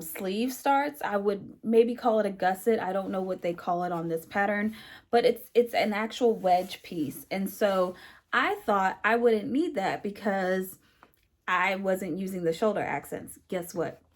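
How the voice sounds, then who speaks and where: A woman vlogger chatting casually to the camera about her sewing projects, with frequent fillers and a friendly, talkative manner. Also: mid-range voice. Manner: chatty, many fillers, says "y'all" and "you guys".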